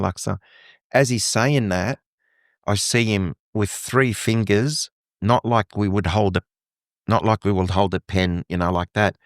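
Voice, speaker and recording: Middle-aged male guest from Lebanon, lowish pitch, dry close mic, lively storyteller. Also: unhurried, no room sound. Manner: animated storytelling, acting out quoted dialogue. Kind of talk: conversational interview.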